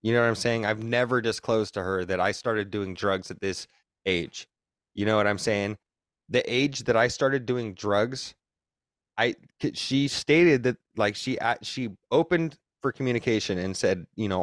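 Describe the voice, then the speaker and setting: A man's voice: medium pitch, moderate pace, a bit bright, no room sound. Young man, podcast guest, rambling and profane, dry close sound. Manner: rambling, profane, emphatic retelling. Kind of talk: casual podcast storytelling.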